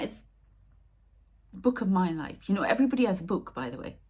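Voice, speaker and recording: A woman's voice: mid-range voice, big pitch swings, fairly quick, darkish tone, husky. A woman who works as a spiritual medium, rambling in an emotional, upset way as she talks on her vlog and often dropping to a near whisper. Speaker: spiritual medium and channel host. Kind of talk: casual spiritual vlog talk.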